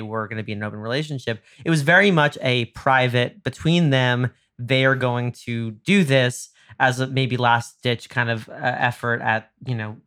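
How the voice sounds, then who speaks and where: A young man in his twenties chatting casually and spinning a long personal anecdote. His pitch sits in an ordinary middle range, and he bursts into animated voices whenever he quotes someone. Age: 20s. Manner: animated, acts out quoted dialogue with jumps in pitch. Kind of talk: casual storytelling chat.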